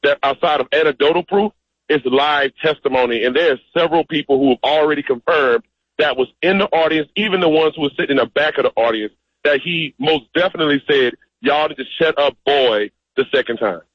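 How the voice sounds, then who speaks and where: A man's voice: fairly high pitch, fast talker, breathy edge, dry recording, lo-fi sound. A man as a radio interview guest, speaking emphatically and directly. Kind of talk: phone-in interview.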